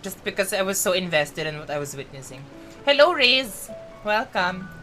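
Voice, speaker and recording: A woman's voice: medium pitch, sing-song, normal speed, music in the background. A woman with a Filipino accent chatting casually on a live game stream, talkative and emotional, switching between English and Tagalog.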